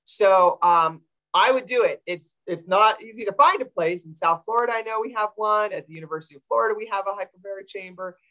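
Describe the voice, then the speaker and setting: A woman's voice: medium pitch, brisk, lo-fi sound. A woman veterinarian answering audience questions on a video call, explaining with many fillers. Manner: warm, explanatory, with frequent fillers.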